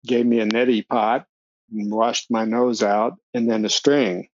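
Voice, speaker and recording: This older podcast guest, with a medium-pitched and unhurried voice, tells long stories in a casual interview, acting out the voices of people he quotes and laughing often in an animated way. The sound is lo-fi with no room sound.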